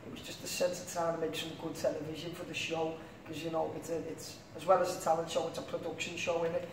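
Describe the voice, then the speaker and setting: A young man with a Liverpool accent talks in a high voice, rambling and dropping "you know what I mean" all the time. He sits back from the mic in an echoey room with a faint hiss underneath. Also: completely flat delivery, fast talker, distant mic. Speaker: interview guest, singer. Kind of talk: casual interview chat.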